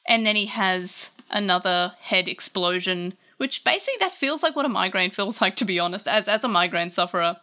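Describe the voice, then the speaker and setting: A woman hosting a casual manga chapter recap, chatty and animated, often correcting herself mid-sentence. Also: mid-range voice, a little fast, few pauses.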